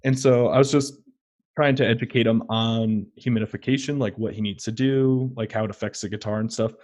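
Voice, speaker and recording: A man's voice: mid-range voice, steady tone, fairly quick, darkish tone. A young man, a luthier guest on a podcast, telling a story casually, acting out both sides of the talk and laughing often.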